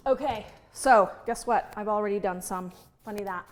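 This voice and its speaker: A woman's voice: mid-range voice, moderate pace, noisy background. Chatty woman chef, playful asides. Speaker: chef teaching a recipe. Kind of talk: casual home cooking demonstration. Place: kitchen.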